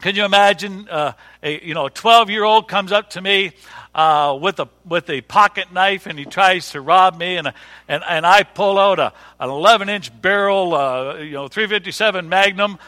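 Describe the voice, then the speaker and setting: A man's voice: high-pitched, moderate pace, sharp tone. A middle-aged male pastor preaching a sermon in a folksy way, repeating words and using dry humor. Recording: long hall reverb.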